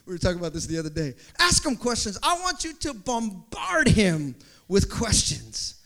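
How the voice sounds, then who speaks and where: Pastor guy preaching, real high bright voice, acts stuff out, gets loud. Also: normal speed. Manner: animated, acts out quotes, builds to shouting. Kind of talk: sermon.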